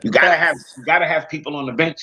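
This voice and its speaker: A man's voice: a little high, very fast, sharp tone. An American man from the northern US, talking football on a casual panel in a blunt, profane, repetitive way. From northern United States. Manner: blunt and profane, repeats himself.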